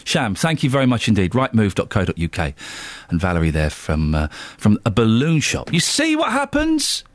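A man's voice: fairly low pitch, animated, a little fast, dry recording. A man hosting a live radio phone-in, chatty and jokey, who stumbles over his words now and then. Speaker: radio host.

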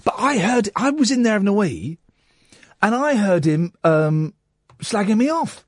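A man's voice: high voice, a little slow, dry recording. A man, hosting a late-night radio phone-in in a chatty, self-mocking way. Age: 40s. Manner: chatty, self-mocking, lively banter with the studio team.

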